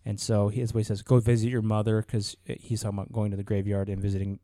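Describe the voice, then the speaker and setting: Male podcast co-host, rambling and keen, mellow tone, dry close sound. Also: on the low side, level tone, fast, no room sound. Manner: rambling, many fillers and restarts, enthusiastic. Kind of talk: casual chat.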